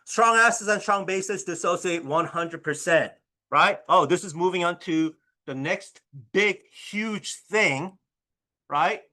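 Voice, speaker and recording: A man teaching a high school chemistry class and telling stories, with an animated delivery that keeps asking the students "right?". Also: slow. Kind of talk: classroom lecture with storytelling.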